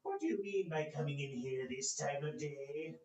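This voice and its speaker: A gruff old miser, reformed and secretly jolly, barks at his clerk with pretend sternness, voiced by a man telling the tale. The voice sits fairly high for a man. A roomy hall echoes around him. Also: normal speed, a little mellow, dull audio, close to an everyday voice. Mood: mock-gruff. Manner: growling then gleeful. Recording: echoey room.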